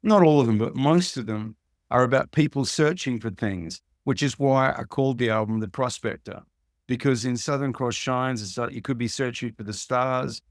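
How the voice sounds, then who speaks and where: An older man with an Australian accent, speaking in a relaxed, rambling way as an interview guest. His voice sits at a middling pitch, recorded close and dry with no room sound. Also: normal speed, no room sound. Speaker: musician guest. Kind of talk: casual interview chat.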